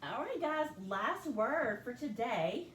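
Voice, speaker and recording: A woman leads a spelling dictation lesson, sounding out every letter and syllable with slow, patient care. Her voice carries a noticeable room echo, with a faint hum of background noise behind it. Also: fairly high pitch, big pitch swings, fairly bright tone. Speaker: teacher.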